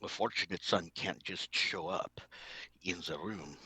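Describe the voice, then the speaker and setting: A man's voice: deep voice, unhurried, sharp tone, breathy edge. A man playing a tabletop game, speaking in formal, wordy phrases broken by hesitant fillers. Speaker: player. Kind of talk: casual tabletop game play.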